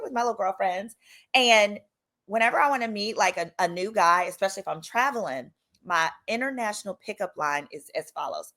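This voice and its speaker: A woman attorney hosting a casual storytime vlog, with a strong accent and an animated, chatty delivery that slips into voices for dialogue. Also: medium pitch, brisk. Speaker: attorney and channel host.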